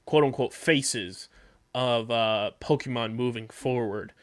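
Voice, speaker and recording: A man's voice: medium pitch, slow, dry recording. A man hosting a casual podcast, running through news and a sponsor read with plenty of fillers. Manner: conversational, filler-heavy. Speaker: podcast host.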